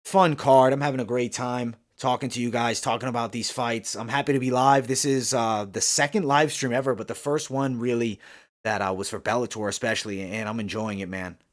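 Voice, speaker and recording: Chatting with viewers during live fight commentary, this male livestream host swears a lot and rants heatedly about the judging as he reads and responds to comments. He talks briskly in a mid-range voice with fairly even intonation.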